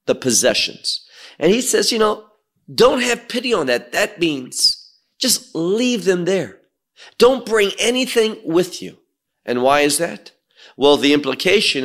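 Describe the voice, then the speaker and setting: Slow, lively man teaching scripture. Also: mid-range voice. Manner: slow, deliberate, rising emphasis on quoted verses; rhetorical questions to listeners. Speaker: Bible teacher. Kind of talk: verse-by-verse Bible teaching.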